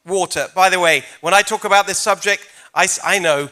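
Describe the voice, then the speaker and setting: A man's voice: high voice, fairly quick, sharp tone. A man with a non-American accent giving an upbeat, joking campaign speech at a live forum in a church before an audience. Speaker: governor candidate.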